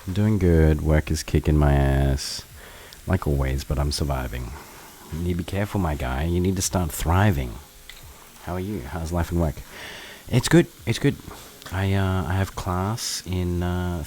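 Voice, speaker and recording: A man's voice: low voice, measured pace, slight background noise, rough recording. A man hosting a live cooking stream. He chats casually with his viewers while he cooks in his kitchen and swears now and then. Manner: relaxed, chatty, answers chat while cooking, swears casually. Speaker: livestream cooking host. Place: home kitchen.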